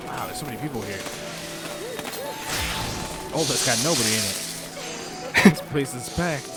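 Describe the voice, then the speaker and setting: A man's voice: mid-range voice, animated. A man streaming a video game, chatting casually with a friend and viewers, with brash, crude jokes. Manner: brash, crude joking, quick. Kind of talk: casual gaming stream chat. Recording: game music behind voice. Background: game music.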